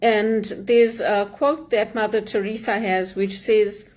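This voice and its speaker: A middle-aged woman from Zimbabwe with a Zimbabwean accent, giving an earnest, measured motivational talk as a speaker and mentor. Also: mid-range voice, steady tone, darkish tone.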